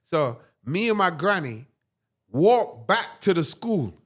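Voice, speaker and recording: A man, a guest on an interview show, telling a personal story with dramatic, animated delivery and frequent "right?"s. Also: sits high, takes it slowly, breathy edge.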